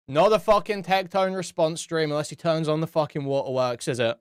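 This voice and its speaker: A man's voice: a little high, fairly quick, clear, resonant tone, no echo, studio quality. A man hosting reaction commentary, talking in a sarcastic, profane way and mocking by repeating phrases. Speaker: commentary host.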